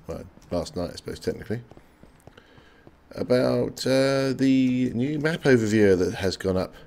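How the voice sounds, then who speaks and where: A man with a sore throat and a croaky, gravelly voice, chatting casually and swearing freely as he comments on his own gameplay. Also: medium pitch, lively intonation, measured pace, darkish tone. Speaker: let's play host.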